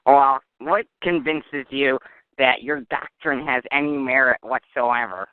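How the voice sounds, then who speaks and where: Heard over tinny, dry phone-line audio, this medium-pitched man hosts a joking call-in comedy show despite having a cold. He's unhurried, mock-serious and teasing, often laughing at his own jokes, with a clean tone and no room sound.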